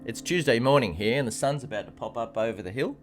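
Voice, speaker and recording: A man's voice: mid-range voice, expressive, fast. An Australian man teaching piano on a live stream, chatting and encouraging viewers and greeting them by name. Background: piano playing.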